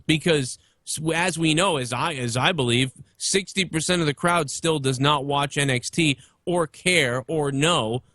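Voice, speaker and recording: A man's voice: a little high, a little slow, hardly any pauses, pushed and bright. A man in his thirties talking casually and opinionatedly about wrestling, rambling and swearing freely. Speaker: podcast guest.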